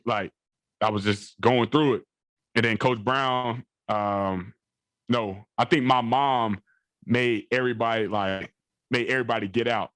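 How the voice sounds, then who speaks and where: Young male athlete guest with a lowish voice, talking in a loose, repetitive, rambling way. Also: fairly bright tone, dry recording. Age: young adult. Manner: rambling, repeats phrases and fillers. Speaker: college football player guest. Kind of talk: interview storytelling.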